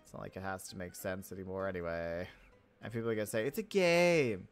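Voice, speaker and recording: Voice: deep voice, fairly even intonation, fast talker, smooth, faint music behind. A video game creator giving casual, rambling commentary full of jokes and self-interruptions while building. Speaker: Minecraft let's play creator.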